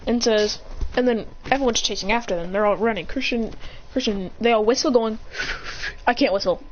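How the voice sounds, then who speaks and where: A woman's voice: a little high, fairly quick, a little hiss or hum. A woman telling an improvised story in a rambling way, full of restarts and sound effects, on a dull lo-fi recording.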